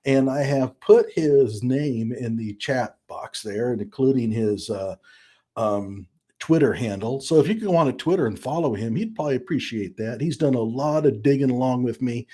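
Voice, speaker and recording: A man's voice: medium pitch, normal speed, mellow. A man hosting a live stream, chatting casually and mockingly, with frequent laughs and fillers.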